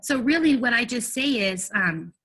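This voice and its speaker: Young woman trainer, high-ish voice, chatty and bubbly, acts out calls. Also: expressive, moderate pace, a bit bright, breathy edge. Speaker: direct sales trainer. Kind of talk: casual training talk.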